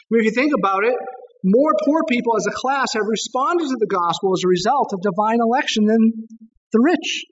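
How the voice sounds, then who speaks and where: A man's voice: very high voice, in a large hall, muffled recording, slight background noise. A man preaching a sermon as pastor, with rising emphasis and rhetorical questions to the congregation.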